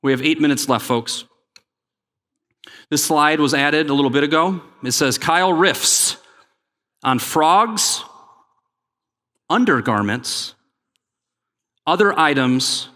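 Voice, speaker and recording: Energetic keynote speaker in a big hall. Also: male voice, medium pitch, measured pace, pauses often. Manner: energetic, joking, pushes the crowd to respond. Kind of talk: conference keynote. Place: large conference hall. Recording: long hall reverb.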